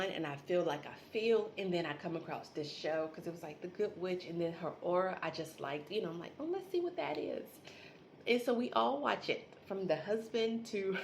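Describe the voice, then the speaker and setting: A woman with a fairly low voice hosts a casual solo podcast, rambling from one thought to the next and laughing as she goes. She talks straight to her listeners in a relaxed, chatty way. A faint hiss of background noise sits under the home recording. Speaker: podcast host.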